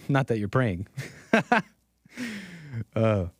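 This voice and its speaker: A man's voice: lowish voice, very slow, darkish tone, no room sound. Sarcastic man chatting on a dry mic. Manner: sarcastic, chuckling often; talks straight to chat. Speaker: livestream host. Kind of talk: political commentary livestream.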